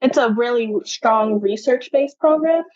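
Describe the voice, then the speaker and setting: A woman's voice: a little high, a little slow, darkish tone, dull audio. A young adult woman, a genetic counselor, answering interview questions in a chatty way, often saying "like".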